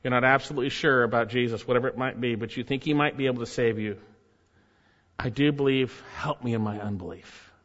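A man preaching a sermon, emphatic, his voice climbing high when he reads quoted lines. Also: fast talker, fairly bright tone, in a large hall, muffled recording. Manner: emphatic, rises sharply when reading quotes. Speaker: pastor.

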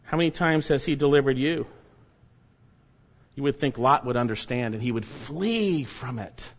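Emphatic preacher man, lo-fi sound. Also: normal speed. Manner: emphatic, swings between loud urging and low hushed warnings. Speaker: pastor. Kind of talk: sermon.

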